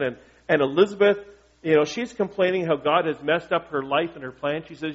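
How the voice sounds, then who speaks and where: A man's voice: fairly high pitch, brisk. A male pastor preaching a sermon in a conversational, joking way and asking his congregation questions. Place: church. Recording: dull lo-fi recording.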